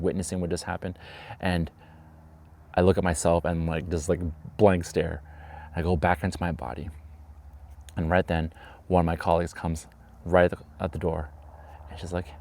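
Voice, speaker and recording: A man, a teacher, telling a lively story from his classroom in a vlog and acting out the voices. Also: sits low, vocal fry. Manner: animated storyteller, acts out voices.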